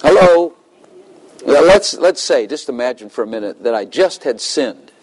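A man's voice: mid-range voice, lively intonation, normal speed, slightly rough, rough recording. A middle-aged man giving a conversational sermon, laughing often and acting out little dialogues with God. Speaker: preacher.

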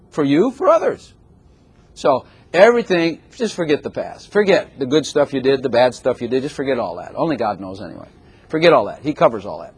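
Animated husky preacher man. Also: medium pitch, fairly quick. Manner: animated, conversational preaching with sudden shouts. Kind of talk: sermon.

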